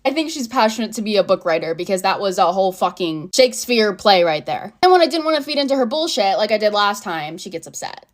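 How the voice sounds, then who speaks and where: A woman's voice: medium pitch, very animated, fast, few pauses. A woman in her twenties telling a storytime to her viewers in a blunt, profane, sarcastic rant. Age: 20s. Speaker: storytime creator.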